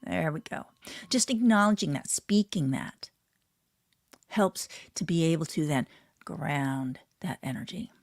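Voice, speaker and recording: A woman sound healer leading a guided healing meditation, speaking softly and slowly and often dropping to a whisper. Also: sits low, animated, no room sound, studio quality. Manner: soft, slow, often drops to a whisper.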